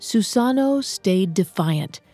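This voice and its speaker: Mellow-voiced woman narrating a myth. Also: mid-range voice, soft background music. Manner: measured, even storytelling. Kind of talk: scripted storytelling narration.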